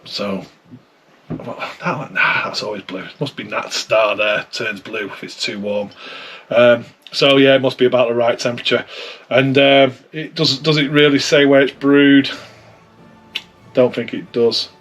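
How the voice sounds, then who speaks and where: A man's voice: medium pitch, steady tone, unhurried, fairly bright tone. A man giving a casual beer tasting review, chatty and thinking aloud as he sips and compares.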